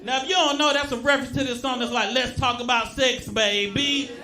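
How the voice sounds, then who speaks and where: Very high-voiced man doing stand-up. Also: fairly even intonation, brisk. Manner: laid-back, giggly, gets loud at punchlines. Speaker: stand-up comedian. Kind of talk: stand-up comedy set. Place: comedy club stage with audience. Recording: live club recording with crowd noise. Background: audience laughter.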